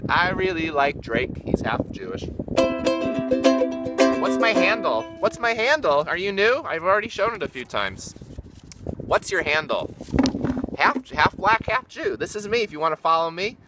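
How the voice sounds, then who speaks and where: A man hosts a casual livestream, riffing with his viewers in a goofy, playful way. His voice sits fairly high and swings widely in pitch. Loud ukulele plays behind him. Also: very animated, normal speed, pauses often, loud music behind the voice, low-quality recording. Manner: goofy, playful, bouncing between silly voices. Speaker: livestream host. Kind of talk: improvised comic livestream banter.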